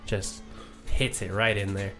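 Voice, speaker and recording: Relaxed man running a tabletop game. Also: fairly low pitch, a little slow. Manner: relaxed, loose narration with many fillers. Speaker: game master. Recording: faint background music.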